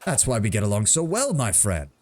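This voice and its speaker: A man's voice: on the low side, huge pitch swings, fairly quick, a little mellow. A man voicing a jovial, burly frontier lord who is friendly and shrewd, speaking in a hearty, talkative way.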